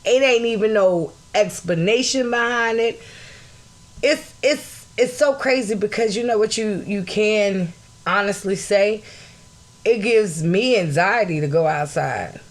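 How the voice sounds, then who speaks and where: A woman's voice: medium pitch, a little slow. A woman hosting her own podcast, talking bluntly and angrily, swearing freely and greeting viewers as she goes. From United States. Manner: angry, blunt, swears, rises to shouting; greets live chat viewers mid-talk. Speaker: podcast host. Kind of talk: impassioned solo podcast talk.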